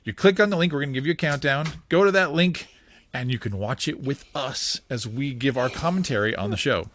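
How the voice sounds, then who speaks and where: A man hosting a podcast, giving excitable, giggly play-by-play commentary on a cartoon as he watches it. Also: medium pitch, a little fast, a little hiss or hum. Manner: giggly, excitable narration of on-screen action. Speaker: podcast host.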